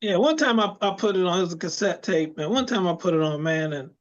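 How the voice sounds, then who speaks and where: A man co-hosting a casual podcast over a video call, telling stories in an animated, slangy way. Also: high voice, quick pace, highs cut off. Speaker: co-host.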